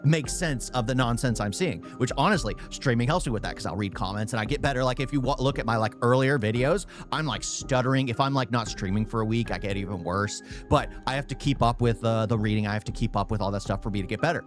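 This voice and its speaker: A young man streaming a reaction video, talking fast and loud, stuttering and repeating himself. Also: mid-range voice, over music. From United States. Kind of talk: casual reaction commentary.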